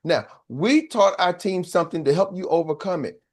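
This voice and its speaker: High-voiced man preaching sales motivation. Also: normal speed, darkish tone. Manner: preachy, call-and-response, acts out little voices. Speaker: sales coach. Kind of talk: motivational training talk.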